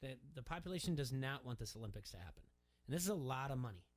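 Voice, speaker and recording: Guy hosting sports talk radio, middle pitch, emphatic and rambly, says stuff twice. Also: animated, fast. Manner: rambling, emphatic, repeats words. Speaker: radio show host.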